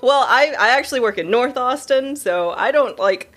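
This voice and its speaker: Relaxed woman chatting casually. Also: a little high, normal speed. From Texas. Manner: relaxed, agreeable, short backchannels. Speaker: conversation partner. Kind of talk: casual chat.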